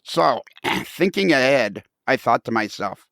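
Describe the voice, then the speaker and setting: A man's voice: mid-range voice, expressive, a little slow, vocal fry, fairly bright tone, dry recording. A man hosting a podcast, joking and rambling with many restarts and fillers. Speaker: podcast host. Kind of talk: comedic casual podcast banter.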